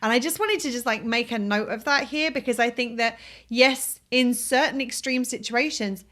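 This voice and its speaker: A woman with a bright, fairly high voice talks through her ideas on a podcast. She is reflective and wordy and circles back on her own sentences. Her tone stays easygoing and conversational. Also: moderate pace. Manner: reflective, explains at length with restarts. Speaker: podcast co-host. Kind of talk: casual conversational chat.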